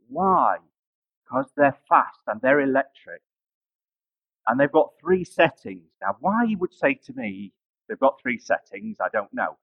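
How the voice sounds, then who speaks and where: A preacher delivers a sermon with a gravelly edge and a lively, swooping delivery. He tells his story and then builds to emphatic rises. The sound is dry and a little dull. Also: mid-range voice, a little slow, no room sound. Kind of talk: sermon with personal anecdote.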